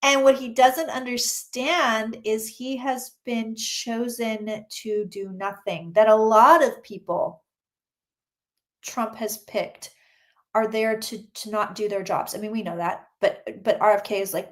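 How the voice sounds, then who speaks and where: A talkative woman with a fairly high voice, reading tarot cards live for her viewers. She talks casually and exclaims freely as she answers questions from the chat. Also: steady tone, unhurried. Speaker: psychic reader.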